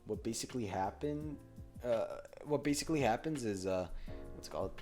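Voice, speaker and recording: A teenage boy chatting on a podcast, his voice rising and falling in a lively, animated way. He rambles, with plenty of fillers and casual swearing. Faint music sits under the talk. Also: medium pitch, fairly quick. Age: teens. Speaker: podcast co-host. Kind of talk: casual chat.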